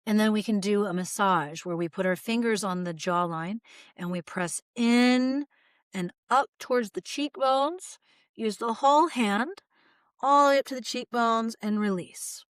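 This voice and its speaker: A woman voice coach calmly guiding listeners through relaxation exercises, modeling sighs and open "ah" sounds. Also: medium pitch, a little slow, clean tone, dry recording, studio quality. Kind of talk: guided vocal exercise instruction.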